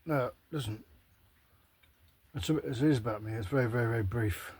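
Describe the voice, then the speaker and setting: A man's voice: medium pitch, moderate pace, a little mellow, slightly rough. A man rambling to camera in a casual, sweary, self-mocking monologue. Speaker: vlogger.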